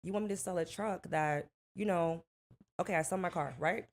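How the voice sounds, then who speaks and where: A woman's voice: fairly low pitch, moderate pace. Indignant young woman telling her story. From Miami. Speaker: guest, rapper's wife. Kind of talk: casual interview talk.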